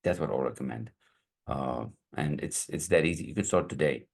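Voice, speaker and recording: A man speaking as a business coach, pitching his mentorship in a casual, rambling way and sometimes searching for words. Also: moderate pace, creaky, slightly rough. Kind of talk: sales pitch to viewers.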